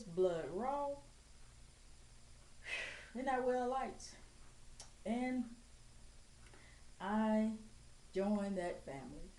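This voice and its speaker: A woman's voice: mid-range voice, mellow. Blunt, profane woman ranting in an echoey room. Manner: blunt, profane, straight-talking. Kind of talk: blunt profane rant to camera. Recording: echoey room with faint ambient noise.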